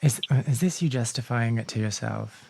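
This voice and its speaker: A man hosting a casual podcast interview, animated and excitable, laughing often and swearing now and then. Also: mid-range voice, a little fast, creaky, slightly rough. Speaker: podcast host.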